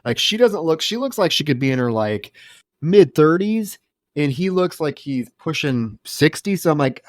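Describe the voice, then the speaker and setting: A man co-hosting a movie podcast, mocking the film in sarcastic, profane chat that often trails off and restarts. His voice sits a little high. The recording is close and dry. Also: very animated, moderate pace, no echo. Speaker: podcast co-host. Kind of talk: casual film review chat.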